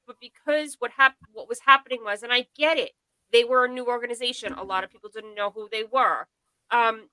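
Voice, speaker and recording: Blunt, rambling woman, high bright voice, dry close sound, casual live chat. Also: dry recording, rough recording. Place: home.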